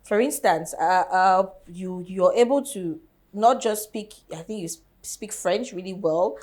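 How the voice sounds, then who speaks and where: A woman hosting an interview, effusive and quick to praise her guest. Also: medium pitch, darkish tone. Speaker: host. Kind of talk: casual interview.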